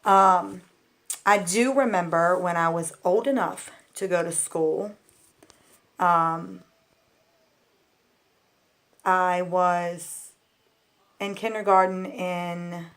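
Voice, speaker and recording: A woman with a slightly low voice tells stories from her childhood in a loose, chatty vlog manner. She rambles and fills her sentences with "like" and "um". She talks candidly, straight to her viewers. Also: steady tone, slow, long pauses, a bit bright. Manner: rambling, full of "like" and "um" fillers. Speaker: vlogger. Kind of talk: casual storytelling.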